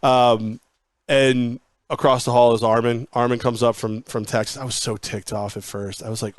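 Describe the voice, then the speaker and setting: A man in his forties tells long, meandering stories from his radio career, often slipping into the voices of the people he quotes. His pitch sits at an ordinary middle for a man. The recording is dry and close, with no room sound. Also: level tone, normal speed, no room sound. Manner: rambling anecdotes, acts out quoted dialogue. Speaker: guest, former sports radio host. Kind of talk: casual interview storytelling.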